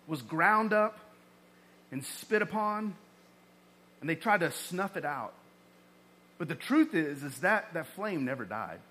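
Pastor, male, high bright voice, conversational sermon delivery with lively emphasis. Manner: conversational preaching, animated emphasis.

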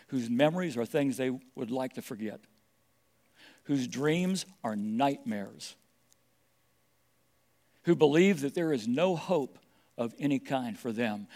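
A man's voice: mid-range voice, darkish tone. A middle-aged man preaching a sermon, stressing his points and repeating key phrases. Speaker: pastor.

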